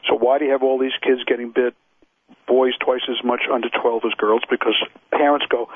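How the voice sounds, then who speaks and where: A man's voice: medium pitch, flat delivery, moderate pace, dry recording. A man, a dog trainer and expert witness, speaks as a radio interview guest, emphatic and repeating his points. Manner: emphatic, repeats points, acts out owners' excuses. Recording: dry, husky, phone-like radio line.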